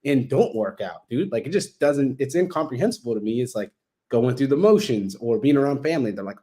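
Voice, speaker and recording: A man talking as a guest on a podcast, blunt and animated, swearing constantly and acting out the voices of people in his stories. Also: mid-range voice, fairly quick. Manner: heavy swearing, blunt and animated, acts out quoted exchanges. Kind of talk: casual podcast conversation.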